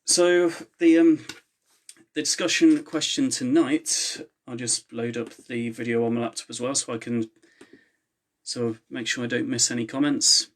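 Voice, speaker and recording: A man reads his own novel aloud on a live stream from home, with a mid-pitched voice. Between passages he chats in a relaxed way with fillers before going back to steady narration. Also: moderate pace. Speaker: author reading his novel. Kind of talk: live reading to online viewers. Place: home, with a laptop.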